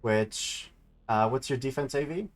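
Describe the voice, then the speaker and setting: An unhurried man with a mid-range voice runs a tabletop game, making his rules calls on rolls and damage in a matter-of-fact manner.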